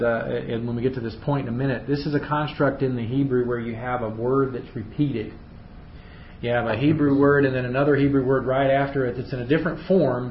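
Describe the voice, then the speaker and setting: A man leading a Bible study who reads scripture aloud and then explains it in loose, chatty asides. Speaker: Bible teacher. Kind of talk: conversational Bible study teaching. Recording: roomy, dull recording with faint rumble.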